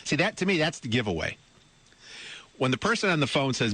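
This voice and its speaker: A man's voice: medium pitch, very animated, brisk, bright, forceful tone, breathy edge, no room sound. Man, middle-aged, radio talk host, amused and disbelieving, rhetorical questions, dry close studio mic. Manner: amused and incredulous, breaks into laughter while reading; rhetorical questions to listeners, repeats words. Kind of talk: radio talk show, reading a news story with comment. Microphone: studio microphone.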